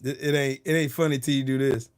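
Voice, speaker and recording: A man's voice: medium pitch, steady tone, quick pace, a little mellow, clean tone, no room sound. A man hosting a casual livestream, joking crudely and swearing often. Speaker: livestream host. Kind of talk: casual live-stream chat.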